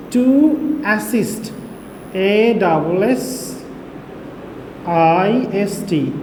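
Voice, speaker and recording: A male teacher from Bangladesh gives a recorded English lesson to young children, speaking slowly and spelling out each word letter by letter. His voice sits high and is a little mellow, captured in an echoey room with faint hiss.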